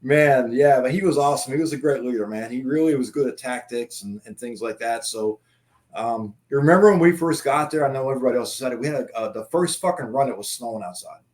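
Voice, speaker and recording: A man's voice: medium pitch, fast, a little mellow. A middle-aged man, a guest, telling stories in a rambling, profane casual chat.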